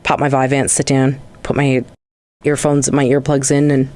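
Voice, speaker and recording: A woman's voice: extremely low pitch, flat delivery, normal speed, a little mellow, no room sound. A young adult woman, co-hosting a casual podcast chat, rambling through stories and swearing freely. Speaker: podcast co-host.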